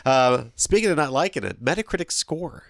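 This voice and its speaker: A man hosts a casual movie podcast with a lively, animated delivery. His voice moves up and down freely as he runs through credits. The sound is dry and close. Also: fairly high pitch, a little fast, gravelly, dry recording. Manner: lively, reads out film credits. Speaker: podcast host.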